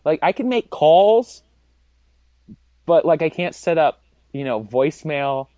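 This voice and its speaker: Chatty young guy, lively and rambling. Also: fairly high pitch, unhurried, no room sound. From West Coast of the US. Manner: rambling, laughs often, filler-heavy. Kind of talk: casual chat.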